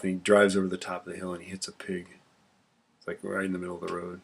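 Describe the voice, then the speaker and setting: A deep-voiced male instructor with a heavy gravelly rasp and a very husky tone. He talks through a classroom lecture in a rambling way, muttering sums half under his breath. He slips corny jokes in between topics. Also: monotone, fast talker.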